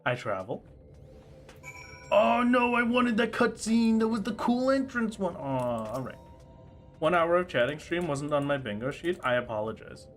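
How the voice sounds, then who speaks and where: A man streaming a game live, chatting casually with his viewers in a playful, excitable way. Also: fairly high pitch, moderate pace, soft background music. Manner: playful and excitable, squealing and laughing at surprises. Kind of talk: casual livestream chat while gaming.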